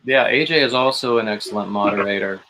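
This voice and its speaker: A man's voice: fairly low pitch, fast talker, over a noisy crowd, low-quality recording. A man hosting a casual livestream chat, greeting guests and asking them friendly questions.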